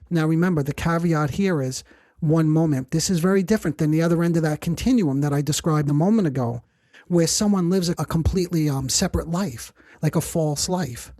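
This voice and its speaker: A psychotherapist hosting a podcast, explaining ideas in a measured, clinical way and often rephrasing points and quoting patients. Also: mid-range voice, a little mellow, dry recording.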